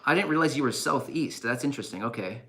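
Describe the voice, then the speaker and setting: A man's voice: mid-range voice, expressive, quick pace, pushed and bright. A man hosting a live stream and interviewing a phone guest in an easygoing way, often laughing. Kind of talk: casual chat.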